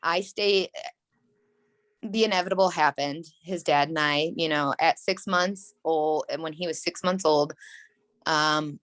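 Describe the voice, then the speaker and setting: Woman, 30s, interview guest; low, dry voice; earnest, rambling storyteller. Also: dry recording. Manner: rambling, frequent "like" and "you know"; earnest and emotional. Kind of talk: candid personal storytelling.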